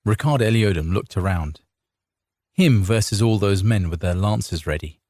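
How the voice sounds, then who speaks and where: A man narrating a fantasy audiobook in a measured, dramatic storytelling manner. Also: deep voice, a little mellow, slightly rough, dry recording, clean studio sound.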